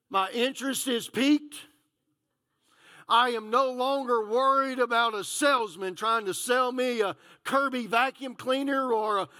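In a very high voice, a male pastor preaches a sermon, telling a story and acting out its dialogue with animated delivery.

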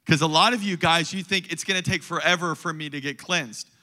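Animated preaching man, bright high voice. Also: a little fast. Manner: animated preaching, swinging between loud declarations and low intimate asides. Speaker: pastor. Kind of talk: sermon.

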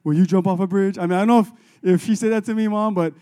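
Male pastor, high-pitched mellow voice, casual animated sermon delivery. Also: fast, clear, resonant tone. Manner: conversational, animated, acts out biblical dialogue.

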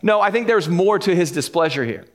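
A man with a fairly high voice delivers a sermon, walking through scripture verse by verse. He keeps it conversational, dropping in asides and little chuckles between his points. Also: lively intonation, fairly quick. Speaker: pastor.

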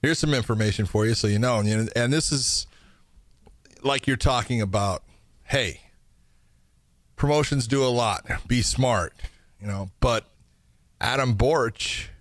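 A man's voice: medium pitch, no echo, clean studio sound. A man co-hosting a casual talk show, loose and profane, with lots of fillers. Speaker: co-host. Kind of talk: casual podcast chat.

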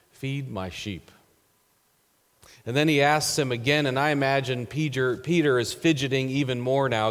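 A man preaching a sermon as pastor, earnest and measured, letting his phrase endings trail off softly. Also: mid-range voice, big-room sound.

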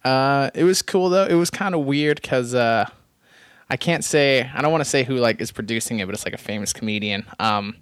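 A man's voice: mid-range voice, fairly quick, a bit bright, clean tone, dry recording. Young man chatting, dry close sound. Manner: rambling, self-deprecating, laughs often. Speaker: podcast host. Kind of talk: casual chat.

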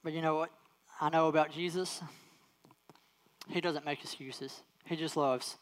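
A preacher delivers a sermon to a congregation. The delivery leans on repetition, says key phrases again and again, and slows right down on the words meant to land. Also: medium pitch, steady tone. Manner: repeats key phrases for emphasis and acts out quoted voices.

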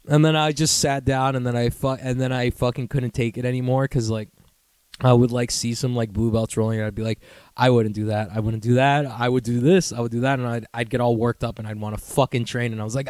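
A young man hosting a casual solo podcast, telling stories with high-pitched impressions and sudden squeaky outbursts. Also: a little fast, no room sound. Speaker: podcast host.

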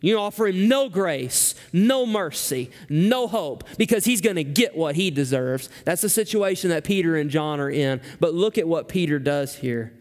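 A male pastor preaching a sermon emphatically, climbing high when he reads scripture aloud. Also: animated, normal speed, few pauses, long reverb tail.

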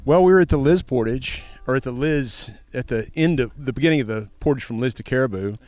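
A man's voice: mid-range voice, fairly quick, a little mellow, dry recording. A man from Arkansas being interviewed outdoors in the wilderness, talking in a friendly and slightly hesitant way that repeats words as he goes. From Arkansas, United States. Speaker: podcast listener, guest. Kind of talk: casual interview.

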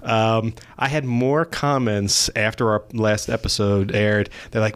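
A middle-aged man hosting a podcast, telling stories with animated, acted-out quotes in casual chat. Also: on the low side, unhurried, few pauses, smooth. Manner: animated storyteller, acts out quotes. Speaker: podcast host.

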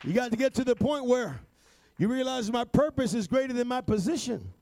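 High-pitched preacher, shouting refrains. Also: male voice, animated, brisk. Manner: builds to shouted, rhythmic preaching with repeated refrains; peppers lines with "amen" and "uh". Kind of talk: sermon.

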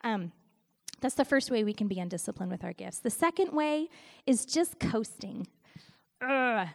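A middle-aged woman giving a conversational sermon, telling stories in an animated way with frequent laughs. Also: medium pitch, moderate pace, gravelly. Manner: animated storytelling, laughs often. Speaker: Christian speaker and worship leader.

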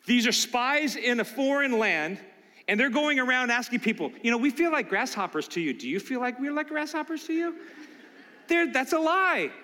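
High, bright-voiced preacher man in a hall. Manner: emphatic, asks the congregation questions. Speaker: pastor. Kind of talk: sermon.

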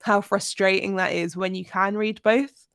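A woman's voice: medium pitch, fairly even intonation, normal speed, a bit bright, clean tone, dry recording, clean studio sound. A woman in her twenties co-hosting a podcast, chatting casually about books with frequent fillers and restarts. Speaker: podcast co-host. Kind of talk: casual book-club chat.

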